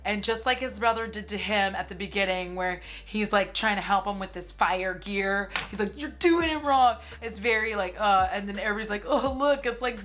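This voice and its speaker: A woman in her forties, a movie commentary streamer, recaps a film in a level, mid-range, slightly bright voice, talking a little fast with hardly any pauses. Her style is chatty and sarcastic, heavy on "like," with free swearing.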